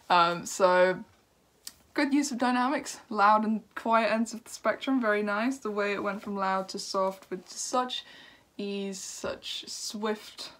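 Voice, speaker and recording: A woman's voice: mid-range voice, a bit bright. A young woman reviewing a record on her video channel, chatty and upbeat, with lots of fillers and little laughs. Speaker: music reviewer.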